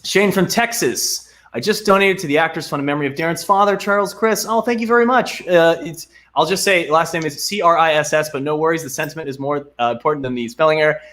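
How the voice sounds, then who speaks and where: A man's voice: fairly high pitch, fast, few pauses, fairly bright tone. A young man chatting casually on a video call as a guest actor, reading out donor names with many ums and uhs and sounding grateful.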